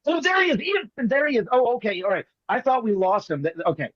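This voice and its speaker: A man performing as a magician, telling jokey stories in quick comic patter over a video call. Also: very high-pitched, animated, a bit bright, no room sound, dull audio. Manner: rapid joking storyteller, playful teasing. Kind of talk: comic patter on an online show.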